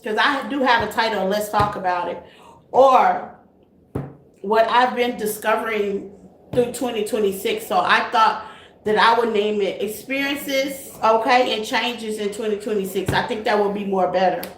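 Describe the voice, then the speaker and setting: On a tarot live stream, the host greets viewers with terms like honey and baby while chatting in a relaxed way. She speaks at normal speed with a medium-pitched voice, recorded in an echoey room with faint noise.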